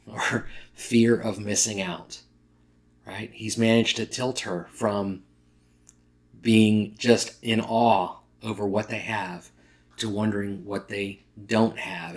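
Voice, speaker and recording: Male pastor, lowish voice, conversational sermon delivery, self-corrects mid-word.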